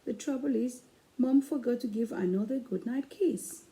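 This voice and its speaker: A woman hosting her own channel, reading a children's picture book aloud in a slow, expressive way with playful asides. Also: medium pitch, low-quality recording.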